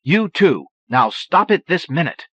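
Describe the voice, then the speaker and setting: A man voicing a sharp-tongued harried mother. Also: fairly high pitch, sing-song, measured pace, no echo, voice pushed up, heavily acted. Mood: sharp scolding. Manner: terse, scolding. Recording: dull lo-fi cassette audio.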